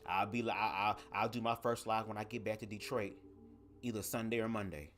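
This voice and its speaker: A man hosting a casual livestream, talking straight to his viewers in an animated, profane way from a home setup at his microphone. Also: lowish voice, brisk, slight background noise. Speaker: livestream host. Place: home setup, speaking to camera. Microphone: desk microphone.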